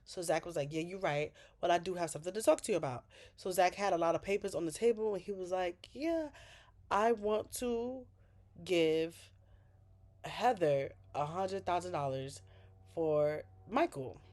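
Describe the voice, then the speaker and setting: A woman recapping a TV episode in casual talk, swearing freely and scolding the characters as "girl". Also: normal speed. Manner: jumps high and loud for outraged asides. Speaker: TV recap vlogger.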